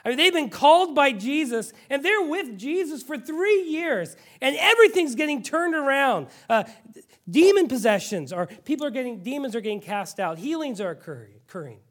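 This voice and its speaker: A male pastor preaching a sermon with animated storytelling, now and then dropping suddenly to a quiet voice. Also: extremely high pitch, normal speed.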